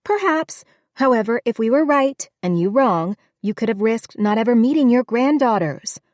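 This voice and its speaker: A woman doing a frantic, shrill worrier. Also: lively intonation, normal speed, darkish tone, no room sound, studio quality, close to an everyday voice. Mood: worried. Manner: high, urgent and raised. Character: anxious fussing woman, worried and emphatic.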